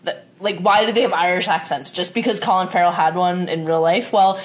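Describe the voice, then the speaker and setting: A woman co-hosting a podcast in casual chat, animated and teasing, with quick laughs. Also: lowish voice, low-quality recording. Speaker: podcast co-host.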